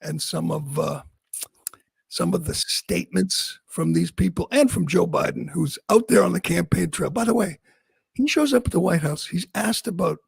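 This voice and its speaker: Male talk host, sarcastic opinion commentary, high lively voice, dry close sound. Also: gravelly, husky, no echo. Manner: sarcastic, mocking, quick asides with laughs.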